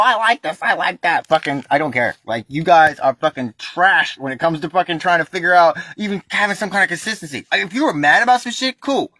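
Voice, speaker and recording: A man's voice: fairly high pitch, a bit bright, no room sound. An American man delivering a heated, profane ranting monologue with emphatic, crude language. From United States. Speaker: vlogger.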